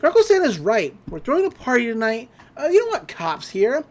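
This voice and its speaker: A man's voice: extremely high pitch, wildly swooping pitch, brisk, voice pushed up, exaggerated voice. A man voicing a cheerful, bossy young girl in an upbeat, sing-song voice.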